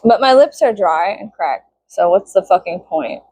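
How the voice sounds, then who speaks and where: A woman's voice: mid-range voice, expressive, normal speed, darkish tone, breathy edge, no echo. A young woman vlogging casually, venting with lots of swearing and bursts of mock-outraged shrieking.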